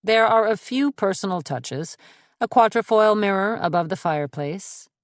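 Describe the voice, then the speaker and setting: A woman's voice: medium pitch, expressive, normal speed, no echo. A woman narrating a first-person thriller audiobook in a cool, observant, composed way.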